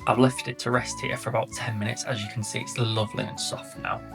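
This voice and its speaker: A man's voice: medium pitch, flat delivery, fast, vocal fry, music in the background. A man vlogging about his home garden and baking, talking to camera in an earnest, chatty, self-mocking way. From Yorkshire, England. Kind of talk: casual vlog talk to camera.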